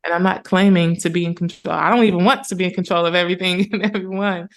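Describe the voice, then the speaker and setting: Speaking fast in a fairly low voice, this woman is a podcast guest and spiritual mentor. In casual conversation, she recounts moments with earnest animation.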